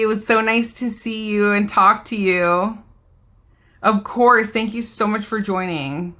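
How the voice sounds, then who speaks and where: A woman's voice: mid-range voice, pushed and bright. A woman, hosting a casual live beauty haul, chatting and reading viewer comments aloud. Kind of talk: casual live-stream chat.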